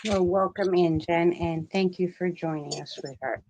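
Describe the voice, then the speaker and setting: Friendly woman with a lower voice. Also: fairly even intonation, moderate pace, muffled recording, slight background noise. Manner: friendly, reflective, warmly welcomes viewers. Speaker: co-host of a craft livestream. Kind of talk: casual chat.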